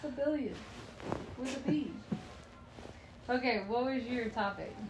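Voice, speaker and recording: A woman's voice: fairly high pitch, measured pace, roomy sound, a little hiss or hum. A young woman co-hosting a casual podcast with her partner, playful and teasing, laughing often as she talks. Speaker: podcast co-host. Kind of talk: casual couple's podcast chat.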